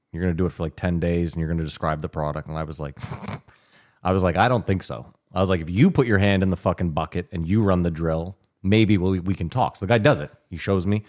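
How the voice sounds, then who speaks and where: A man with a very deep voice tells a long, rambling story in a casual podcast chat. He acts out the people he quotes as he goes. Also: a little mellow. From Canada. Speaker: podcast co-host.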